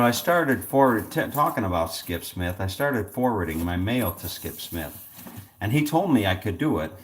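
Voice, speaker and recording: A man chatting casually to camera, rambling and filling pauses with "you know" and "uh". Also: low voice. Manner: chuckling storyteller. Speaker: vlogger.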